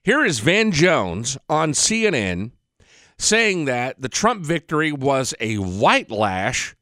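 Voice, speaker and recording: A man's voice: mid-range voice, big pitch swings, takes it slowly, bright, forceful tone, no room sound, studio quality. A man hosting an opinionated monologue, talking in a sarcastic, mocking way with profanity and rambling restarts. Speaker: political commentary host.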